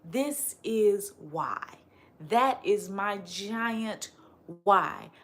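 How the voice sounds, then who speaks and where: A woman speaking straight to her audience as a spiritual teacher, emphatic and repetitive, firing off rhetorical questions and dropping softly on her refrains. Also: medium pitch, expressive, very slow, a little hiss or hum. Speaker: spiritual teacher and channel host. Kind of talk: direct-to-camera motivational talk.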